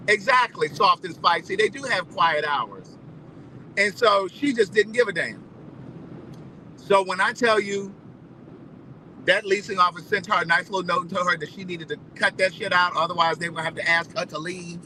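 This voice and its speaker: A man telling a story in a casual, animated, profane way, repeating phrases for emphasis. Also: sits high, normal speed, slight background noise, rough recording. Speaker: vlogger.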